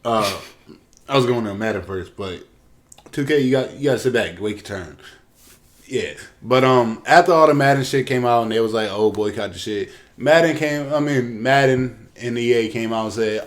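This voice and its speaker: A man's voice: medium pitch, normal speed. A young man co-hosting a casual podcast, ranting with lots of profanity and acting out what other people said. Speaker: podcast co-host.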